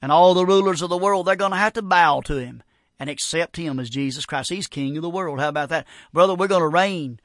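A man with a Southern accent from North Carolina preaching a fervent radio sermon, repeating himself and stumbling into quick restarts. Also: on the high side, fairly bright tone, dry recording, studio quality. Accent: Southern American.

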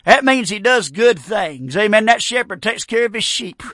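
A man preaching a fervent, folksy revival sermon, breaking into shouts. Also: high-pitched, animated, moderate pace, no echo, studio quality. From North Carolina. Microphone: broadcast on radio.

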